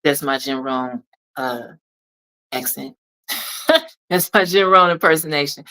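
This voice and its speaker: A woman with a notably low-pitched voice delivers a motivational monologue as a consultant. She speaks directly to the listener in an emphatic, preachy way. She repeats key lines to drive them home. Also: measured pace, sharp tone, poor audio.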